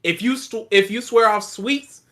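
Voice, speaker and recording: Very high, bright, teasing man. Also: a little slow. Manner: teasing, joking banter. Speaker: podcast co-host. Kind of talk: casual podcast chat.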